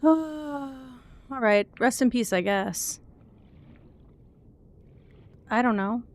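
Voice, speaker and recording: A high-pitched young woman streamer talking her chat through a game. She sounds nervous and giggly, swinging between scared whimpers and offhand commentary. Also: lively intonation, takes it slowly.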